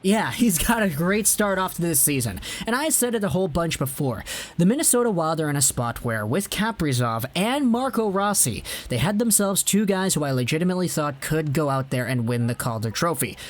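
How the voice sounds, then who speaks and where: A young man hosting a hockey video, talking in a chatty, rambling, lively way. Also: fairly high pitch, brisk. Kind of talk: casual commentary to camera.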